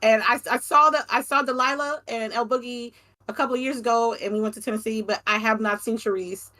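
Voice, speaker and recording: A woman guest in a casual interview chat, talking excitedly about meeting up with her gaming friends. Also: a little high, fairly quick. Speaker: podcast guest, gaming creator.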